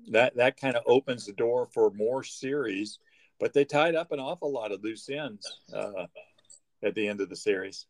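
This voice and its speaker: A man's voice: mid-range voice, no room sound. A man co-hosting a casual chat, teasing dryly and often repeating and restarting words. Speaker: co-host. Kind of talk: casual banter.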